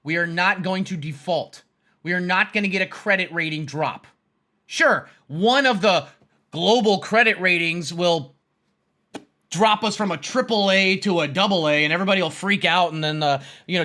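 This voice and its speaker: A man's voice: high-pitched, moderate pace, bright, forceful tone. A man hosting a stock trading stream, ranting bluntly and casually, swearing and repeating his points. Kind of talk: casual rant.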